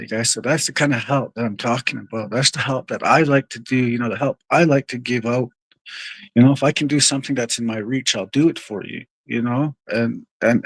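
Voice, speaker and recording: A livestream host tells his viewers a long, rambling, profane story, frequently addressing them as "you guys." His voice is medium-pitched, with no room sound.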